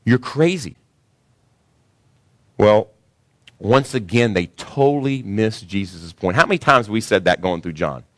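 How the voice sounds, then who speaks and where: A man preaching a sermon as pastor to his congregation, building up with animated emphasis and questions. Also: unhurried, long pauses, no echo, studio quality. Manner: animated preaching that rises high when voicing others.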